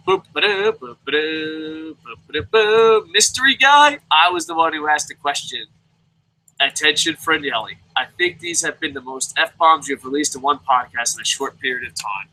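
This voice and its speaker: A man's voice: mid-range voice, sharp tone, husky, poor audio. A young man hosting a casual live wrestling review, ranting profanely and rambling with goofy sound effects. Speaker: wrestling review show host.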